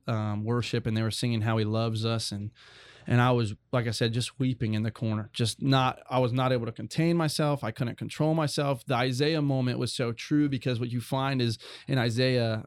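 A man's voice: mid-range voice, clear, resonant tone, dry recording. A young adult man telling a personal faith story as a guest, earnest and rambling with many restarts.

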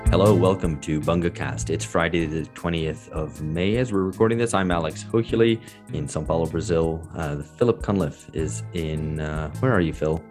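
A man hosting a podcast in casual chat, relaxed and hesitant with many fillers, speaking over a remote call. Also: extremely low pitch, normal speed, few pauses, over music. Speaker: podcast host.

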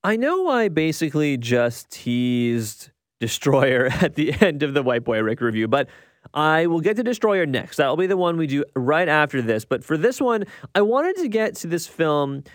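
A man's voice: a little high, big pitch swings, normal speed, no room sound, studio quality. A young man hosting a podcast, giving a casual spoken film review full of restarts and tag questions. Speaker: podcast host reviewing films.

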